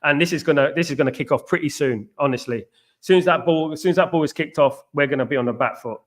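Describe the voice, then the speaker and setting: A man's voice: a little high, fast. A man hosting a live football watchalong, chatting casually and reacting with exasperation while answering viewers. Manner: exasperated, talks to live chat. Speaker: watchalong host.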